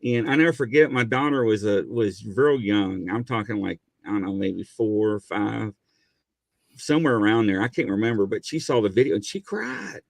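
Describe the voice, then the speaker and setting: A middle-aged man and former police officer telling stories in a casual chat, acting out quotes in high voices. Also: moderate pace, gravelly, no room sound. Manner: animated storyteller, acts out quotes in high voices.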